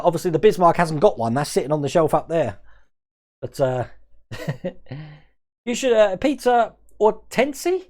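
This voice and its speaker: A man's voice: high-pitched, a little mellow. A man hosting a scale modelling livestream, chatting casually and rambling as he reads out viewers' comments and answers them.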